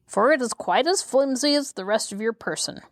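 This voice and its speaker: A woman's voice: on the high side, lively intonation, brisk, no room sound, clean studio sound, voice pushed up, close to an everyday voice. A woman reading aloud as a rude, sneering male wooden sawhorse.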